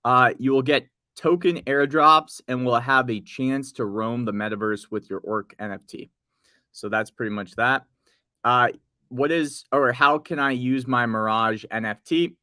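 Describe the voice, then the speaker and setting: An unhurried man with a medium-pitched voice co-hosts a casual crypto news podcast. He's relaxed, rambles through notes, and reads project notes aloud. The recording is dry and studio quality.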